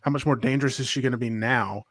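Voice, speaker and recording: A man in his thirties co-hosting a casual wrestling talk show, enthusiastic and quick to joke. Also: mid-range voice, fairly even intonation, no echo, studio quality. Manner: enthusiastic and joking. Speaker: podcast co-host. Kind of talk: casual chat.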